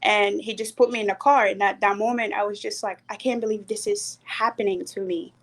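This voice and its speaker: A young woman from South Sudan with a South Sudanese accent, earnestly telling a personal story with hesitant pauses and fillers. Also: medium pitch, fairly even intonation, fairly bright tone. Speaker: panel speaker.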